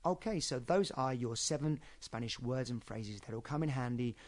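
A man's voice: medium pitch, lively intonation, moderate pace. A man hosting a podcast, giving a casual spoken lesson in a chatty, rambling way with lots of fillers. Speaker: podcast host.

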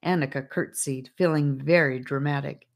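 A woman's voice: extremely low pitch, steady tone, moderate pace. A woman narrating a storybook, reading aloud and addressing the listener. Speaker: audiobook narrator.

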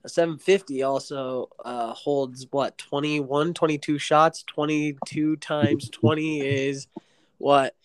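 A man's voice: fairly high pitch, steady tone, takes it slowly, clear, resonant tone, no echo. Young man rambling, says bro constantly. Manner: hesitant, restarts, says bro a lot, laughs. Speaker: podcast co-host. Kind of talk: casual podcast banter.

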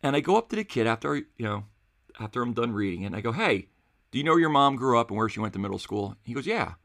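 A man who teaches seventh grade history, telling a story in a casual, animated way and acting out the dialogue. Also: mid-range voice, fast talker, vocal fry. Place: New Jersey.

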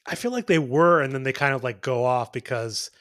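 A man's voice: mid-range voice, a little fast, fairly bright tone, no room sound, clean studio sound. A man co-hosting a podcast, talking in a rambling, loose way with many restarts. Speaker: podcast co-host. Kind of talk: casual chat.

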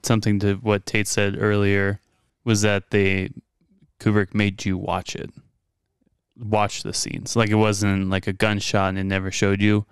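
A man with a low, smooth voice chats about a film in an easygoing, joking manner. His words sound clear and dry, close to the mic. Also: monotone, unhurried, dry recording. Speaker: podcast co-host. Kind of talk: casual movie discussion.

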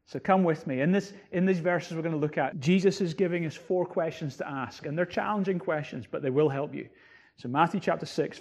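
Man, pastor, sermon, emphatic, explains scripture verses, somewhat high-pitched. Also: darkish tone. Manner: emphatic preaching, voice rising on key words.

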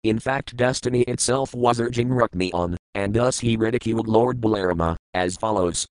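A man's voice: fairly low pitch, no echo, low-quality recording. Man reading scripture glosses, dry. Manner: measured, list-like reading of terms and glosses. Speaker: scripture reader. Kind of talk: scripted recitation of verses with word meanings.

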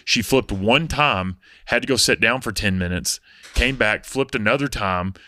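A man's voice: fairly low pitch, normal speed, dry recording. A young man, a gym coach, telling stories in a casual podcast chat with some swearing. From Oklahoma. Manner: animated storyteller, casual swearing.

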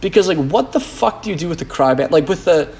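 A man's voice: fairly high pitch, lively intonation, quick pace, a little mellow. Profane rambling man, casual podcast talk. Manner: rambling, full of fillers and restarts, blunt and profane. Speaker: podcast host.

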